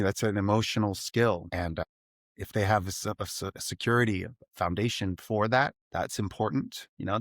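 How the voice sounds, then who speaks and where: A middle-aged man, a math teacher and podcast guest, talking casually and animatedly, slipping into high put-on student voices as he tells stories. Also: no room sound, clean studio sound. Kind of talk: casual interview conversation.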